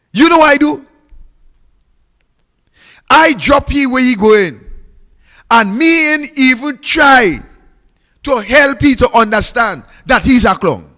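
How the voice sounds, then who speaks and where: Fiery high-voiced Trinidadian man. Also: lively intonation, slow pace, long pauses, sharp tone, in a large hall. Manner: fiery and mocking, repeating phrases for emphasis. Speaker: politician. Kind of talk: political speech.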